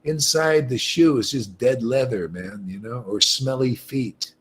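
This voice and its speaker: A man hosting a livestream, preaching with animated emphasis, repeating himself and laughing often. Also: medium pitch, a little slow, husky. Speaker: livestream host. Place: livestream setup.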